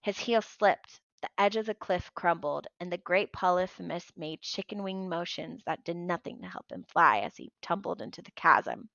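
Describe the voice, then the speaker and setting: A woman reading a novel aloud in an expressive, lively storytelling manner. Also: fairly low pitch, moderate pace, gravelly, hardly any pauses, no room sound, lo-fi sound. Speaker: audiobook reader.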